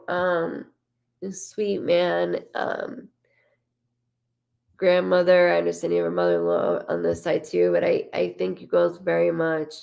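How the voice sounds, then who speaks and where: Soft-spoken woman medium, slightly gravelly. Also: on the low side. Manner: relays a spirit's words in first person; soft, halting, full of restarts. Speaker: psychic medium. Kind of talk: live-stream reading.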